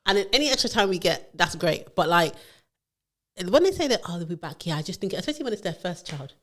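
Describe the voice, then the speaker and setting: Fast-talking woman chatting. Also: lowish voice. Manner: animated storytelling, acts out quotes. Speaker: podcast co-host, HR professional. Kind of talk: casual chat.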